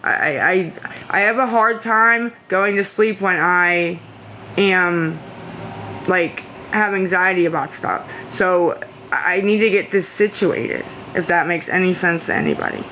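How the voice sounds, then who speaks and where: Woman streamer, defensive and anxious, pleads with chat, bright tense voice. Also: fairly low pitch, unhurried, a little hiss or hum. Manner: anxious, pleading and defensive, rambling with repeated phrases. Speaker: livestreamer asking viewers for money. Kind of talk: casual live-stream chat, answering viewer comments.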